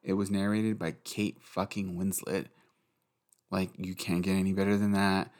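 A man's voice: low-pitched, flat delivery, normal speed, a little mellow. A man chatting casually and rambling about books late at night, swearing and laughing at himself. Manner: rambling, profane, giggly. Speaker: book vlogger.

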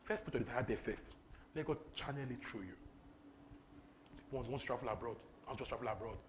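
A young man from Nigeria with a Nigerian English accent, preaching a lively sermon that repeats phrases and slips into pidgin. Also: mid-range voice, brisk, slight background noise. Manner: animated, repetitive, breaks into laughter and pidgin.

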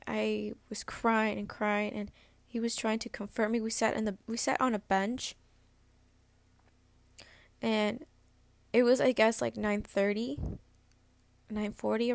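A woman in her twenties with vocal fry and a medium pitch hosts a podcast. She tells a personal story candidly and loosely, full of "like" and false starts, in a dry recording.

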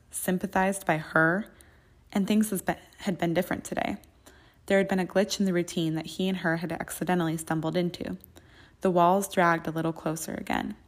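Woman narrating fanfic audiobook, slightly low voice, steady even reading. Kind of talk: fan fiction audiobook narration.

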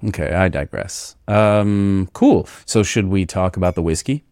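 A man hosting a podcast, talking in a relaxed, rambling way with many fillers. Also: low-pitched, a little slow, smooth, no echo, clean studio sound. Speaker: podcast host. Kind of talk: casual chat.

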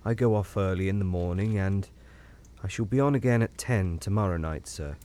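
A man doing a haunted, low-voiced signalman. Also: lightly acted. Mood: troubled. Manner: low, hushed, halting and ominous. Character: troubled, grave middle-aged male railway signalman. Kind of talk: audiobook character voice.

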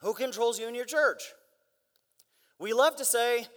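A young man giving an energetic guest sermon in a church, driving his points with rhetorical questions and mock voices. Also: very high voice, unhurried, pauses often. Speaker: guest preacher. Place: large church hall. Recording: long church hall reverb.

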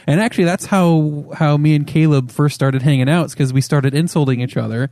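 A man's voice: fairly high pitch, a little fast, few pauses, darkish tone, dry recording. A man co-hosting a casual podcast chat, talking in an easygoing, reflective way. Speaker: podcast co-host.

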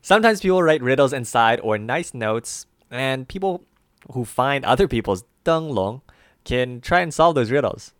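A man with a mid-pitched voice co-hosts a scripted language lesson, recorded dry with no room sound. He slows down to name each syllable and its tone. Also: lively intonation, a bit bright, no room sound.

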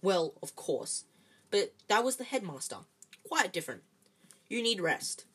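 A woman voicing a strict but kind school matron who talks in a firm, brisk way, in a read-aloud storybook. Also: medium pitch, very animated, fairly bright tone, husky, heavily acted.

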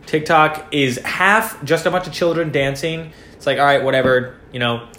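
A young man with a fairly high voice chats casually, swearing freely as he tells stories and bursts into mock-angry quotes. The room around him sounds hollow and echoey. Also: moderate pace, slight background noise. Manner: profane, animated storytelling with acted-out outbursts. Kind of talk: casual podcast chat.

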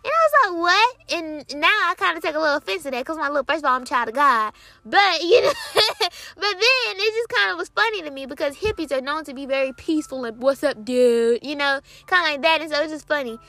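A young woman, casually sharing a Christian testimony in an excited, chatty way, with many fillers and quoted dialogue. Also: high voice, fast, dry recording.

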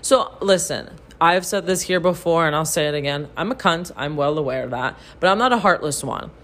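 Animated, profane woman telling a story. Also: deep voice, a little fast. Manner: animated, profane, heavy use of "like". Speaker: podcast co-host. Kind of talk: casual storytelling to listeners.

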